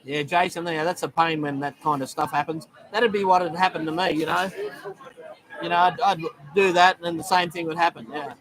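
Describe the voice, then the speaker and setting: A man's voice: on the high side, fairly even intonation, a little fast, a bit bright. A middle-aged Australian man hosting a casual live stream, chatting loosely with many ums and greeting viewers by name. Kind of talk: casual live-stream chat reading comments. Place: busy bar in Thailand. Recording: noisy bar crowd behind. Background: bar crowd chatter.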